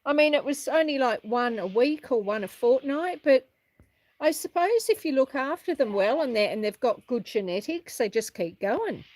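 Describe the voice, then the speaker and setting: A middle-aged woman walks around outdoors on her farm during a livestream, reading viewers' chat and answering them in a casual, warm way with plenty of laughs. Her voice sits high and is very animated, at normal speed, with no echo.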